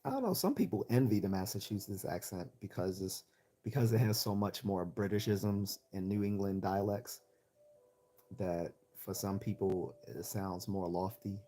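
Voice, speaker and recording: A man's voice: lowish voice, normal speed, warm tone. A man with a Northeastern American accent hosting a livestream, rambling and opinionated as he reads out the chat, often restarting his sentences. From Chicago. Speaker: livestream host reading chat.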